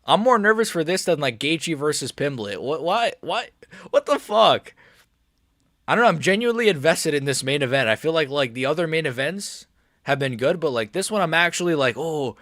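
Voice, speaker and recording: A young man chatting casually during a live stream, excitable and rambling, and he keeps repeating how nervous he is. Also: fairly high pitch, a little fast, no room sound, clean studio sound. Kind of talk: live watch-along chat.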